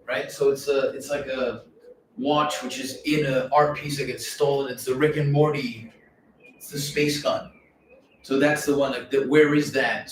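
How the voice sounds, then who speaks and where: A man talking in a long, rambling monologue, animated and swearing freely, often slipping into quoted voices. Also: mid-range voice. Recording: very echoey room, mic at a distance, faint noise.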